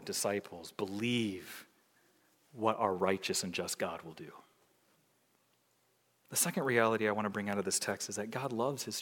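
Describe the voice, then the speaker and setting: A man preaching a sermon as pastor, swinging from loud emphatic peaks to hushed low passages. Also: long reverb tail.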